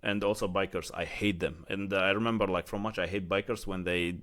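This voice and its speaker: Emirati man, lowish voice, casual vlog rant, chatty and heated. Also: steady tone, fairly quick, a bit bright. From United Arab Emirates. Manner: heated, chatty, heavy use of "like" and "you know". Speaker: vlogger.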